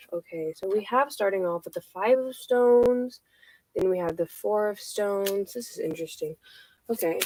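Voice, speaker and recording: A woman giving a casual tarot reading, out of breath, halting and repeating herself with many fillers. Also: mid-range voice, very noisy. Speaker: tarot reader.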